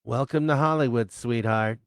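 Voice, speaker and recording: A man's voice: mid-range voice, normal speed, no room sound, close to an everyday voice. A man voicing a rude, snarky male bartender who talks in a sneering, curt way. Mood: snide.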